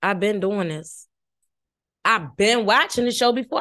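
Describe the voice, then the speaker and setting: A woman's voice: medium pitch, measured pace, a bit bright. A woman hosting a podcast, giving casual, brash and profane commentary on a reality show, sleepy late at night.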